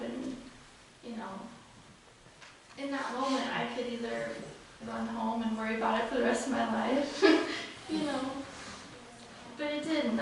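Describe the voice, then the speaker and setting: A high, slightly gravelly young woman speaks slowly, picking her way through a eulogy with hesitations. She is caught from far off by a room mic in a funeral chapel, her voice ringing in a large echoey hall with steady background noise. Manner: halting, with frequent fillers and soft laughs. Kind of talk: unscripted eulogy.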